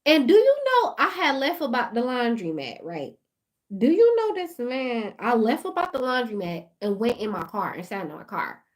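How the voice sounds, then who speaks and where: Woman, high voice, animated storytelling, laughing asides. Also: normal speed. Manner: animated, laughing, talks straight to viewers. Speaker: vlogger. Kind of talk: casual storytime rant.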